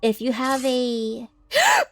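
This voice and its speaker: Woman streamer chatting while she plays, highish voice bouncing all over, giggly and scatterbrained. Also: huge pitch swings, slow, a bit bright. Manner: chatty, scattered, giggly, reads chat aloud. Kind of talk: casual live game commentary.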